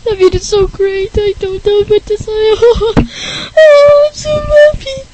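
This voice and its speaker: A shrill, overexcited young man, gushing and squealing, as a woman acts him out. He is a goofy pest who can barely contain himself. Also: steady tone, measured pace, very noisy.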